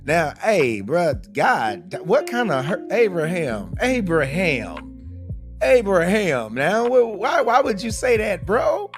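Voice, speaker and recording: A man hosting a live stream, reading viewer comments aloud in a playful, animated way with lots of repeats and stammers. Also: fairly high pitch, slow pace, music in the background. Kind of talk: casual live-stream chat.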